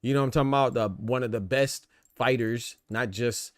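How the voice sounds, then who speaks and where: A man hosts a boxing podcast in a relaxed, slangy chat, dropping "man" and "you know what I'm saying" into almost every line. He's from the American South, with a medium-pitched voice and a fairly quick pace. The studio recording is clean, with no echo.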